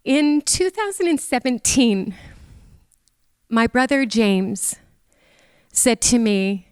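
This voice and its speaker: A woman's voice: fairly high pitch, big pitch swings, takes it slowly, long pauses, clean tone, dry recording, big-room sound. A middle-aged woman from Canada giving a tearful, heartfelt memorial tribute to her mother in a church. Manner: tearful, emotional, speaks of feelings openly.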